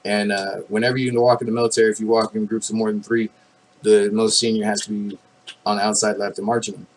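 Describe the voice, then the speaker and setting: A man's voice: on the low side, little pitch movement, fast, low-quality recording. A man in his thirties, an army veteran telling stories in a casual, rambling monologue full of fillers and restarts, swearing now and then. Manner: rambling, laid-back, many fillers and restarts.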